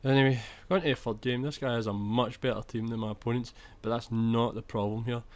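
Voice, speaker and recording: In a steady, medium-pitched voice at a fairly quick pace, a young gaming commentator chats through footage of his own football game. When annoyed he swears, and he often begins sentences again.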